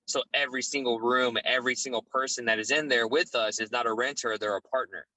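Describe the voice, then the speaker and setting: A middle-aged man speaking as a guest on a business podcast, measured and poised in a casual interview. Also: mid-range voice, no room sound, low-quality recording. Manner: measured, poised, steady delivery.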